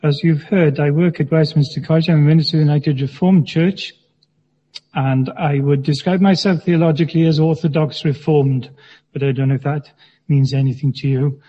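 Male minister, measured sermon with dry humor; muffled, lo-fi church recording with a long echo. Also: a little high, fairly even intonation, breathy edge. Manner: measured, gently humorous preaching. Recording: dull sound with long church reverb.

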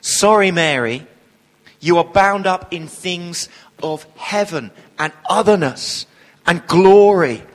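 A minister with a notably high voice delivers a sermon. He tells lively stories with wry, humorous asides. His voice rings with the long reverb of a church hall. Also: slow. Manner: animated storytelling with humorous asides.

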